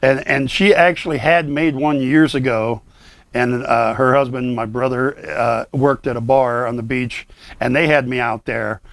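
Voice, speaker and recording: A man's voice: medium pitch, fairly even intonation, normal speed, dry recording. An older man who works as Santa, chatting casually with many fillers and restarts. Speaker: Santa performer guest. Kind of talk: casual chat.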